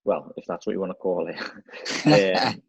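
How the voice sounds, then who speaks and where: A middle-aged Scouse man, a football manager appearing as a guest, tells stories in a casual chat, repeating words and tossing in "mate" and "you know what I mean." His voice is low, steady, husky and measured. The lo-fi recording is dry and slightly dull.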